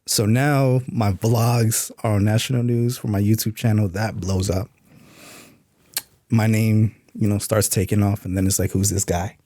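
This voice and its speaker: A man's voice: fairly low pitch, steady tone, a little slow, mellow, dry recording, studio quality. A middle-aged man, an author, telling stories in a laid-back casual interview. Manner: laid-back, acts out quoted voices in stories. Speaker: author and podcast guest.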